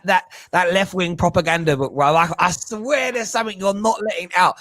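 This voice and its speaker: A man chatting casually as a football podcast pundit, animated and joking, slipping into mimicking voices. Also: high voice, fairly quick, hardly any pauses, no echo.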